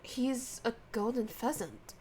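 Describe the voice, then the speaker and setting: A woman's voice: fairly high pitch, lively intonation, slow, a little hiss or hum. Woman doing a pompous golden pheasant. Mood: haughty. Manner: haughty, formal, aristocratic. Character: pompous male golden pheasant, vain and artistic. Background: loud music.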